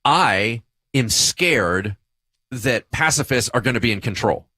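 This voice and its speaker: Man, pastor, podcast co-host, animated, bright tone. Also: mid-range voice, measured pace, no room sound. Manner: animated, self-deprecating storytelling. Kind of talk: casual podcast discussion.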